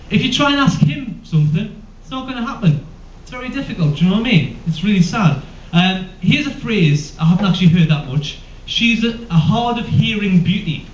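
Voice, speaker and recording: A man's voice: high-pitched, animated, a little fast. A man performing live stand-up comedy, rambling and hesitant with many ums. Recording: echoey room, distant mic, dull lo-fi.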